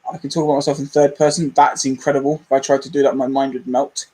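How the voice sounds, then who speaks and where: A man's voice: medium pitch, level tone, quick pace, warm tone, low-quality recording. A young man, rambling candidly and self-deprecatingly as a movie channel host in a casual livestream chat.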